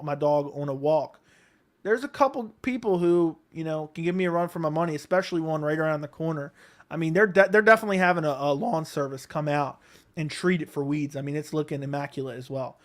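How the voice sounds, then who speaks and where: A young man from Baltimore hosting a live stream, answering chat questions in a relaxed, rambling way. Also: a little high. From Baltimore, Maryland. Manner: relaxed, rambling, thinks aloud with many ums. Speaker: livestream host reading chat.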